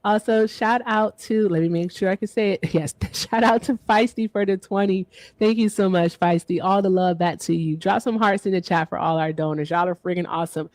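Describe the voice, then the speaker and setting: A woman's voice: on the low side, fairly quick, dry recording. A woman in her thirties hosting a casual livestream, playful and chatty, thanking donors. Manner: playful, chatty, reads donor shout-outs. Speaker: livestream host.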